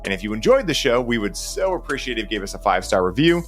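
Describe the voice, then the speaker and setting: A man's voice: fairly low pitch, big pitch swings, fast, soft background music. A man hosting a podcast in a laid-back, slangy way, acting out quotes as he tells stories. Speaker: podcast host. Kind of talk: casual podcast chat.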